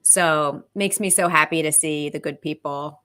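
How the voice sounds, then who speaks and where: A woman's voice: sits low, steady tone, measured pace. A woman co-hosting a live show in casual, enthusiastic chat, with frequent "like" and "um". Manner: warm, enthusiastic, lots of "like" and "um". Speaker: co-host.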